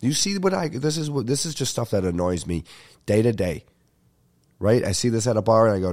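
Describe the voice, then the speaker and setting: A young man, telling a comic story as a podcast host in an animated, profane rant. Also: fairly low pitch, fairly quick. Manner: animated ranting with frequent profanity. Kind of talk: ranting comedic storytelling.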